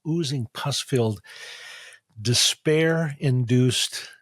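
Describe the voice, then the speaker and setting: A man's voice: mid-range voice, slow, a bit bright, no echo. A man guest in an interview, telling a patient story animatedly and acting out the dialogue. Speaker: guest, facial diagnosis practitioner.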